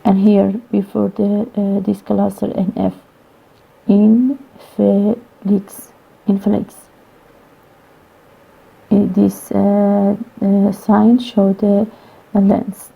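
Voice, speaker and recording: Woman lecturing haltingly over a tinny line. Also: mid-range voice, completely flat delivery, creaky, slightly rough. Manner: halting, many "uh" pauses, non-native grammar. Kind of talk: recorded phonology lecture. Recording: tinny phone-like lo-fi recording.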